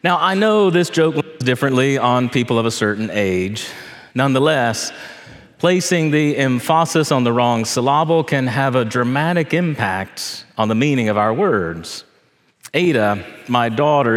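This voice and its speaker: A middle-aged man, a priest, delivering a sermon in a slow, deliberate way with measured pauses. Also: mid-range voice, lively intonation. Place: church. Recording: long reverb of a church hall.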